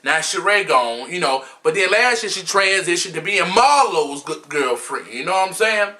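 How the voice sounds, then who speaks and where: A man's voice: high voice, lively intonation, moderate pace, sharp tone. A man giving a sassy, flamboyant, blunt gossip commentary as a vlogger, recording himself at home. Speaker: vlogger recapping a reality show. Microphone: camera mic, self-recorded.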